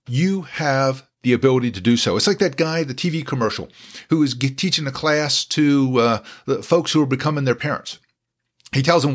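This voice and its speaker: A man's voice: medium pitch, animated, a little fast. A man who is a lawyer speaking to truck drivers in a folksy, jokey style, with emphatic repetition. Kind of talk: folksy motivational talk.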